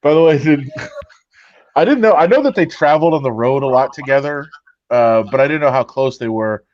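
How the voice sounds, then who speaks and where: A laid-back man chats wryly as a podcast co-host. His voice sits at a mid pitch, and the recording is dry and a little muffled. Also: expressive, normal speed, a little mellow, no room sound. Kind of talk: casual chat.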